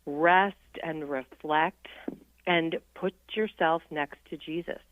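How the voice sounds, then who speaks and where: Speaking slowly in a low voice with fairly even intonation, a woman phones in as a guest to a Catholic radio program. Her casual on-air talk about faith is earnest and reflective, punctuated by easy laughter, over a dry, tinny phone line with no room sound.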